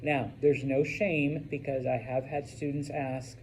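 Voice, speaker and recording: A man's voice: mid-range voice, flat delivery, unhurried, darkish tone, a little hiss or hum, rough recording. A man teaching a Spanish vocabulary lesson to a class, chatty, with joking asides and frequent "okay?" check-ins.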